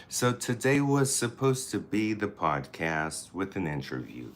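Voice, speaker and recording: A man's voice: sits low, big pitch swings, a little slow, few pauses. A man vlogging a get-ready-with-me routine, chatting in a campy, playful way. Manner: chatty, campy, talks to the camera and people nearby. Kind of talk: casual get-ready-with-me chat.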